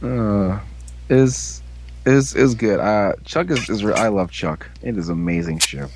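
A man in a casual chat, rambling and halting, restarting his sentences and laughing often. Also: fairly low pitch, a little mellow, slight background noise. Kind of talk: casual chat about a TV show.

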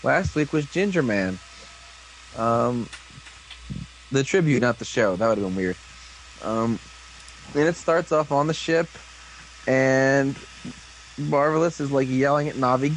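A man casually recapping a show episode with a rambling manner, tossing in quick voices for the characters. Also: medium pitch, lively intonation, slight background noise, low-quality recording. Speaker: podcast co-host.

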